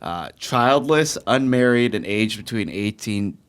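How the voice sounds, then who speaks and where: A man's voice: fairly low pitch, expressive, measured pace, clean tone. A man co-hosting a podcast, loosely telling a news item in casual chat.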